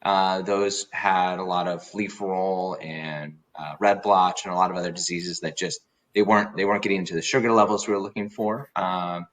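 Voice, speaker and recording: Low-voiced man, halting and friendly. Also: fairly even intonation, a bit bright. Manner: hesitant, many fillers and restarts. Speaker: winemaker guest. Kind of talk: casual interview chat.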